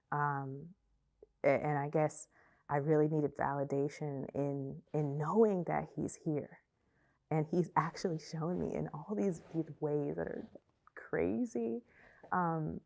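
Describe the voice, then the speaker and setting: A young woman telling her personal faith testimony, emotional and halting, often repeating herself and trailing off. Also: low voice, fairly even intonation, creaky, darkish tone. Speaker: testimony speaker.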